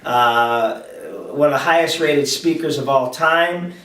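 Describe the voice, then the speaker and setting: Male host, enthusiastic and jokey, higher voice, roomy far-off recording. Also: a bit bright. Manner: enthusiastic and joking, with many halting restarts. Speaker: podcast host. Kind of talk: casual interview chat. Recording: roomy echo, distant mic.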